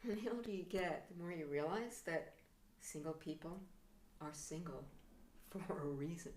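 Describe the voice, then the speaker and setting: A middle-aged woman performing a stand-up comedy monologue, theatrical, with sudden hushed whispers and mock outbursts. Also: fairly low pitch, normal speed. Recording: roomy echo.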